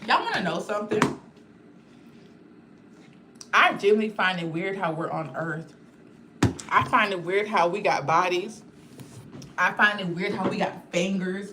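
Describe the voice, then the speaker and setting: Woman livestreamer, mid-range voice, rambling and blunt, addresses chat directly; faint background noise. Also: medium pitch. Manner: rambling, talks straight to her viewers; blunt and outspoken.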